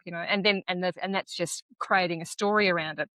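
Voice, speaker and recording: Australian woman, podcast host, bright and close; encouraging, casual. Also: mid-range voice, fast, hardly any pauses, dry recording. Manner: encouraging, frequent short affirmations. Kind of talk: casual conversational interview.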